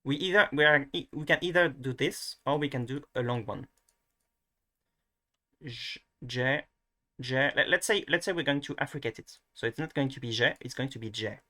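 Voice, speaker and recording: A man with a bright, forward voice talks through a casual screen-share lesson. He hesitates often, restarts his sentences and fills the gaps with ums. Now and then he pokes fun at himself. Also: mid-range voice, fast talker, hardly any pauses. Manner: hesitant, many restarts and fillers; self-mocking. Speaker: video tutor.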